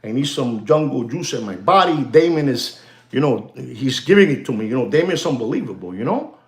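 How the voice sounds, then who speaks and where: A man hosting a channel in a rambling, animated monologue, using streetwise banter and bits of Spanish slang. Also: medium pitch, a little fast, echoey room. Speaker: channel host.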